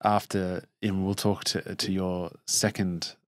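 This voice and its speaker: A man with a very deep voice hosts a casual interview, thoughtful and encouraging as he draws out his guest's story. The sound is dry and close. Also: flat delivery, slow pace, dry recording. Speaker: podcast host.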